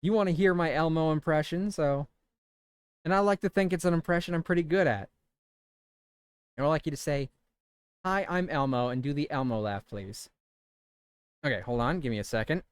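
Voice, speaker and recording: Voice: medium pitch, moderate pace, pauses often, smooth, no echo. A streamer in their thirties chatting casually and rambling while playing a video game. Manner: chatty, self-amused, rambling.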